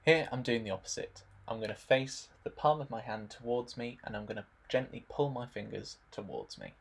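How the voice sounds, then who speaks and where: A young man narrating a stretching warm-up demonstration in a relaxed instructional voice-over, adding dry jokes. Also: mid-range voice, fairly quick, gravelly, husky. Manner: dry, joking asides.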